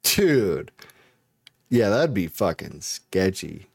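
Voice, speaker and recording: A man's voice: sits low, big pitch swings, very slow, gravelly, a little mellow, husky, dry recording, studio quality. A young man co-hosting a comedy podcast in loose, profane, laughing chat. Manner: laid-back, swears a lot, laughs often. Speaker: podcast co-host.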